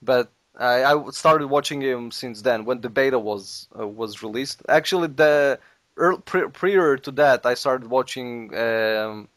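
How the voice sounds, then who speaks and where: A man's voice: medium pitch, unhurried, a bit bright, no echo. A man hosting a casual podcast, rambling in an offhand way and laughing easily. His voice sounds dry and close to the mic, with no room sound. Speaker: podcast host.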